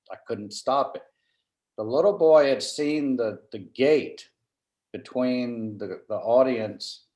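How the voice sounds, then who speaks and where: A man's voice: mid-range voice, a little mellow. A middle-aged man, a trial lawyer and former county judge, relaxes into a long anecdote in an interview and often quotes himself. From Florida. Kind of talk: storytelling in a conversational interview. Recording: roomy echo.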